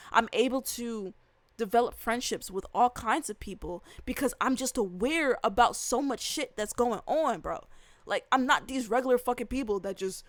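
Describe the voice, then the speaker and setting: A woman's voice: on the high side, no room sound. A woman, ranting casually with lots of profanity, slang and emphatic repetition. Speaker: vlogger reacting to a video. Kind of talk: casual rant.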